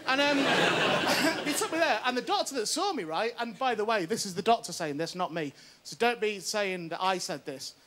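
A male comic does a stand-up set on a TV studio stage. His voice sits high and swoops a lot as he tells his story. He keeps checking in with the crowd. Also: normal speed. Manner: animated, self-mocking storytelling with frequent "right?". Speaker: stand-up comedian. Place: TV studio stage before an audience.

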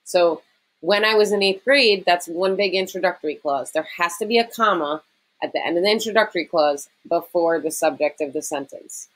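A woman teacher gives her students a recorded writing lesson, walking through it step by step in a conversational style with frequent "okay" and "um." Her voice is fairly low, she speaks at normal speed, and the recording quality is low.

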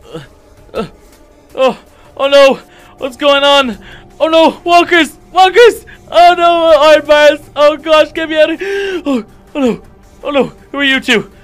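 A man voicing a jittery, high-voiced shark hero. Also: lively intonation, normal speed, a bit bright, soft background music. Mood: panicked shouting. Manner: panicky, rambling, yelps and stammers when scared. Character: anxious, talkative young male shark hero. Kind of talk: Minecraft role-play voice acting.

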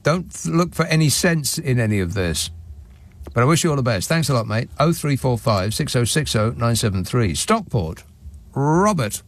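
A man's voice: medium pitch, sing-song, normal speed. A man hosting a talk radio phone-in, answering callers with dry, sardonic asides. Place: radio studio. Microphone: studio microphone.

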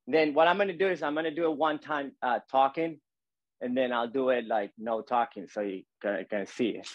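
Male calligraphy teacher, mid pitch, loose coaching patter full of fillers, dry room. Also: fairly quick, dry recording, dull audio. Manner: relaxed, repetitive coaching with many fillers. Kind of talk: live demonstration lesson.

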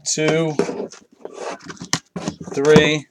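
A man's voice: fairly high pitch, monotone, extremely slow, very noisy. A man hosting a live card break, chatting casually with viewers and swearing freely as he opens packs late at night. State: tired from a long night.

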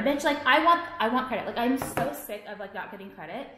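A young woman rants to her viewers in a casual vlog, cursing and exasperated, her sentences full of fillers. Her voice sits a little high. The room around her adds a noticeable echo. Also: expressive, a little fast, pushed and bright, a little hiss or hum. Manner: profane, exasperated, filler-heavy ranting. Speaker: vlogger. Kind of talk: casual ranting to camera. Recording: echoey room.

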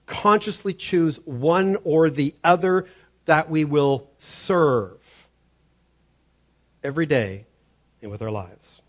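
A man preaching a sermon as pastor, earnest and emphatic, often stammering on the start of a word. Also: a little high. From Canada.

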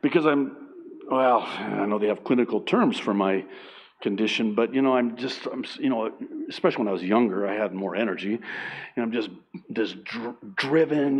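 A male pastor preaching a sermon in an animated, self-deprecating way, laughing often and acting out the people in his stories. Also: mid-range voice, normal speed, breathy edge.

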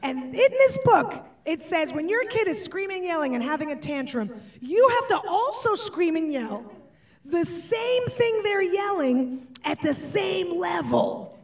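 A woman performing a stand-up comedy set, animated and switching between voices. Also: extremely high pitch, unhurried, distant mic. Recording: live stage, off-mic, audience laughter.

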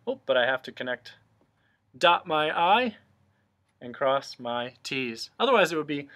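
Male teacher for a cursive lesson, unhurried and patient, mid-pitched voice. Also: fairly bright tone. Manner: patient, step-by-step explaining. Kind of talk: remote handwriting lesson.

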